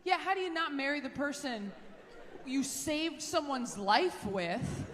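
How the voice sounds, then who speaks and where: A woman's voice: high-pitched, lively intonation. Brash, sarcastic woman doing stand-up. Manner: brash, sarcastic, quick crowd banter. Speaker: stand-up comedian. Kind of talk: stand-up with crowd work. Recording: echoey theater with loud crowd noise. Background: audience laughter.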